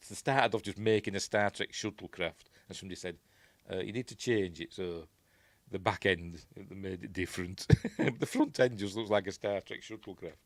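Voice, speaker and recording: A man's voice: on the low side, no echo. A man with a Yorkshire accent hosting a casual film commentary, rambling and chuckling as he corrects himself. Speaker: host.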